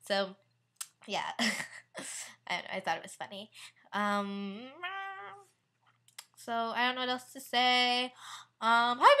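A woman's voice: on the high side, steady tone, unhurried, pauses often, sharp tone. A teenage girl vlogging in a casual, rambling way, bubbly and giggly, with lots of "like" and fillers. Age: teen. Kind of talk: casual rambling vlog chat.

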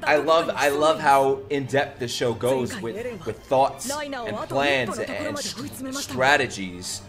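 A man giving casual, excitable commentary while reacting to an anime, swearing, laughing and exclaiming often. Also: mid-range voice, slow. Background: anime soundtrack playing.

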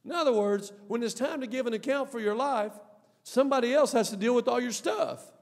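A man preaching a sermon as pastor, emphatic, swinging between soft and loud delivery. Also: extremely high pitch, a little fast. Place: church sanctuary. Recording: long hall reverb.

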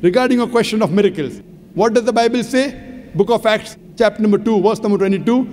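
A man's voice: high voice, fast talker, a little mellow. A man giving a public religious lecture to an audience, speaking emphatically and methodically citing chapter and verse. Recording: long hall reverb, faint background noise.

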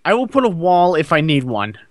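Lively young man, exasperated gamer. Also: fairly high pitch, a little fast, no room sound. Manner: exasperated, scolding. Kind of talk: casual gaming banter.

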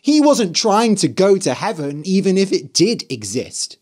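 Male narrator for a learner story: slow, clear, lively intonation. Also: high-pitched.

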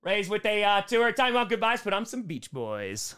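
A young man live-streaming a football game, calling the plays and reading out viewer messages, excitable and loud at big moments. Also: sits high, moderate pace, clean tone. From United States. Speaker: sports streamer and comedian. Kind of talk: live play-by-play and chat reading.

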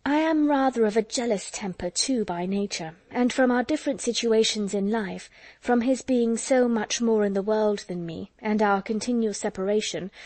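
A woman reads a jealous, scheming young lady in a storybook, speaking in a mellow, slightly raised voice. She sounds earnest and confiding. The sound is close and dry. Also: mid-range voice, no room sound, natural voice.

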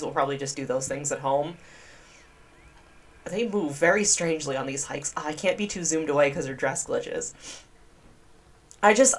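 Chatty young woman playing a life sim. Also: low voice. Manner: chatty, gasps and squeals in disgust at bugs. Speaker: gaming video creator. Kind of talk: casual gameplay commentary.

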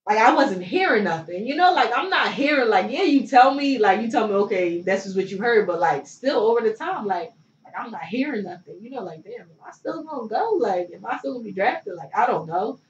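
A woman's voice: on the high side, expressive, brisk. A young woman from Philadelphia tells her story as an interview guest, rambling casually with plenty of likes and you knows. She sits back from the mic in a roomy space, so her voice sounds distant and echoey. The sound is dull, with a faint noise underneath. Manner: loose and chatty, filler-heavy with many likes and you knows. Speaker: guest, former pro basketball player.

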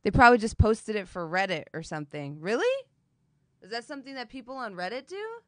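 A woman talks to her stream in a loose, casual way, swearing freely as she tells a story. Her pitch jumps around a lot. The sound is dry and close. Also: brisk, no room sound. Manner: animated, swearing storyteller, reads chat.

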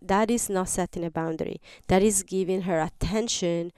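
A woman's voice: fairly low pitch, fairly even intonation, moderate pace, a little mellow, clear, resonant tone, no echo. Woman podcast host giving earnest advice, super clean voice, dry close sound. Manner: earnest, explains step by step with examples. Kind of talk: advice talk.

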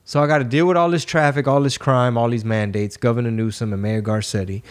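A man's voice: mid-range voice, fairly even intonation, fast. Profane, rambling man hosting a podcast. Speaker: podcast host. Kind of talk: casual podcast chat.

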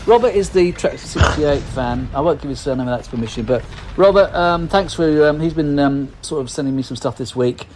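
A man's voice: on the high side, animated, brisk, darkish tone, a little hiss or hum, rough recording. A man co-hosting a podcast in casual chat, rambling and self-deprecating, with lots of fillers and restarts. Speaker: podcast co-host.

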